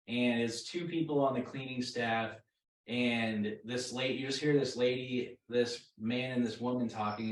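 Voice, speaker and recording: A young man, a rock band member, casually telling a road story with lots of fillers, restarts and laughs. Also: medium pitch. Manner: rambling, full of fillers and restarts, laughing at his own story. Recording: roomy echo, mic at a distance.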